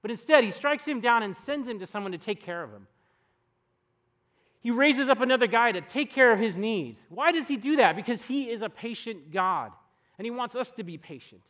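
A man's voice: extremely high pitch, lively intonation, moderate pace, fairly bright tone. A young adult man preaching a sermon in a conversational, storytelling way, full of rhetorical questions. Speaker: pastor. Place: church podcast recording.

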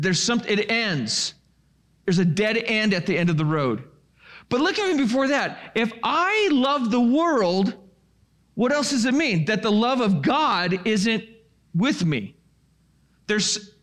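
Guy preaching a sermon, really high voice, keeps asking the crowd questions then answering them. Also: fairly bright tone. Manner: asks the listeners questions and answers them himself. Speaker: pastor.

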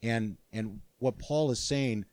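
An older man preaching a sermon as pastor, earnest and animated, with frequent restarts. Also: mid-range voice, slow, dry recording.

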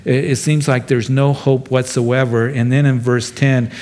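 A male pastor works through a passage verse by verse in an easy, conversational manner. His voice sits at an ordinary middle pitch for a man, and he speaks straight to the listeners as if in a chat. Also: flat delivery, a little slow, a little mellow. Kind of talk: expository sermon.

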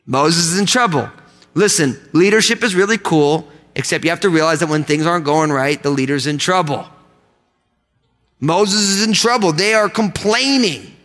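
Male pastor, sermon, high bright voice, animated call-and-response, church hall reverb. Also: normal speed, soft background music. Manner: animated preaching, leads congregation in call-and-response. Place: church sanctuary.

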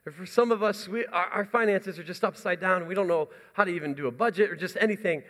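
Young male pastor, high voice, enthusiastic and rambling, church announcements, long hall reverb. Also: quick pace, fairly bright tone. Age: young adult. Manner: enthusiastic, chatty and rambling with restarts. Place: church sanctuary.

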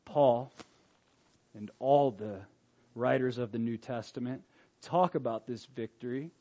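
A male pastor preaching a sermon in an animated, emphatic way, swinging from loud to soft. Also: medium pitch, measured pace, highs cut off.

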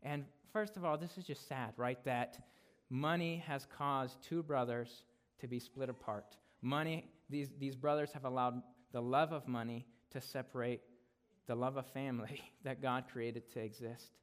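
A man preaching an expository sermon as a guest speaker in a conversational way. He often adds a quick "right?" and gets louder to stress a point, then drops soft to close it. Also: mid-range voice, steady tone.

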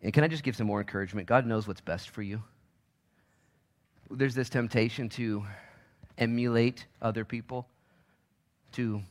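A man in his forties from Oregon, a pastor preaching a sermon in a church. He swings between loud urgency and hushed asides, with quick restarts. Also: lowish voice. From Oregon, United States.

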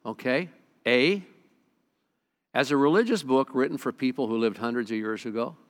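Middle-aged man, pastor delivering a sermon; earnest, halting restarts, plain mid-range voice. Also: medium pitch. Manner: earnest storytelling with repeated stammered restarts.

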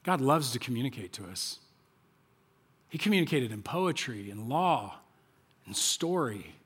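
A male pastor giving a conversational sermon in a church, animated and full of rhetorical questions and repeated phrases. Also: medium pitch, measured pace, slightly rough.

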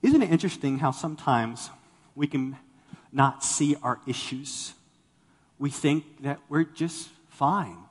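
Animated male preacher in a reverberant hall. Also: fairly high pitch, slow, breathy edge. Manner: animated, acts out quoted people. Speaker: pastor. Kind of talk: sermon. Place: church sanctuary with congregation.

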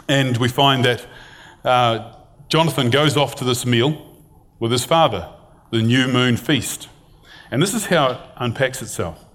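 A man's voice: medium pitch, a bit bright. A middle-aged man preaching a sermon, retelling a scripture story in a conversational, storytelling way and reading passages aloud.

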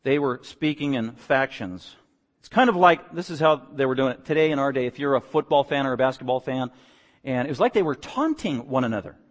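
A man preaching a sermon, moving from calm explanation to emphatic, rising outbursts on key words. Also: medium pitch, fairly quick. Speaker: pastor. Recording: long reverb from a large hall.

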